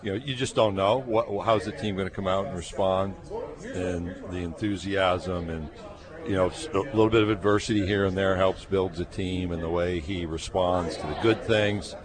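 A middle-aged man with a Great Lakes accent speaks in a very low voice, telling stories as a guest on a radio show with dry, easygoing humor. Loud crowd chatter fills the space behind him. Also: steady tone, moderate pace. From New York State. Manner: anecdotal, storytelling with dry humor. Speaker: guest, conference commissioner. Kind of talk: radio interview chat.

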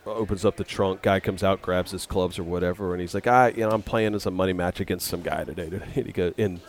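Man, very low voice, casual storytelling, rambling anecdotes, podcast guest. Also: steady tone, quick pace. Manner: rambling anecdotes with acted quotes.

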